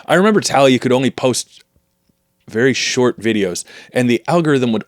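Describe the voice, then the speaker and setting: Animated man riffing on a comedy podcast. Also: mid-range voice, fairly quick, dry recording, clean studio sound. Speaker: co-host. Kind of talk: casual comedy podcast chat.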